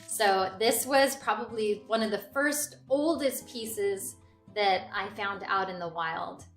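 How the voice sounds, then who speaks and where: A young woman hosting a casual vlog, gushing with excitement as she shows off her finds. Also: mid-range voice, slow. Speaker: host showing a thrift haul. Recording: echoey room, faint music.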